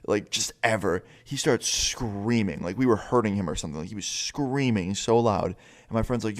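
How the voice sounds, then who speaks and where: A man's voice: on the low side, normal speed. Casual, swearing young man telling a story. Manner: profane, rambling, full of filler "like".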